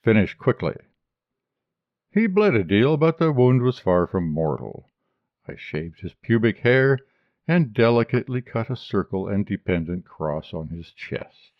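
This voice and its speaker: A man reading a short story aloud as an audiobook narrator, in a measured, even delivery. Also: on the low side, no echo, muffled recording. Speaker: audiobook reader.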